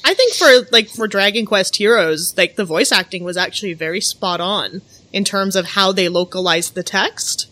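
A woman's voice: medium pitch, normal speed, few pauses, bright, forceful tone. A woman chatting casually on a podcast, sharing enthusiastic opinions. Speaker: podcast panelist. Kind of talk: casual chat.

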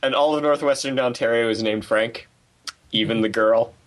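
A man's voice: medium pitch, normal speed. A man from Canada, a podcast guest, trading dry jokes in casual banter. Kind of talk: casual chat.

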